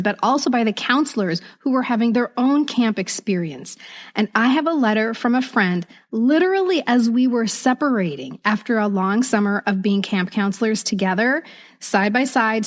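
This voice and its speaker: Bright-voiced woman in her fifties, podcast co-host. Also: on the high side. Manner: laughs easily, reads old letters aloud with feeling. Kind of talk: casual podcast chat.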